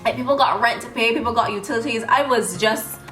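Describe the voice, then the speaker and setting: A woman in her twenties telling a story casually in an animated, chatty vlog, doing makeup as she talks. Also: on the high side, quick pace. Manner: applying makeup while talking. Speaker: beauty vlogger. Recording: roomy room with background music.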